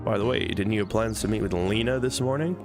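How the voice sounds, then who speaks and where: A man's voice: lowish voice, fast, close to an everyday voice. A man reading a teasing village mother. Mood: scolding. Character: scolding middle-aged village mother. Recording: game music behind.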